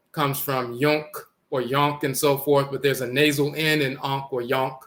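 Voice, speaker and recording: A man's voice: medium pitch, steady tone, measured pace, hardly any pauses, fairly bright tone. A man giving an explanatory lecture, repeating words and sounding out letters as he teaches.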